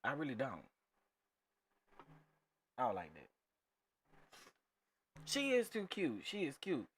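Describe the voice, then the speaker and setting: A man's voice: medium pitch, huge pitch swings, takes it slowly, a bit bright, husky. A man hosting a casual reaction commentary, talking emphatically to his viewers and repeating phrases. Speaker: commentary channel host.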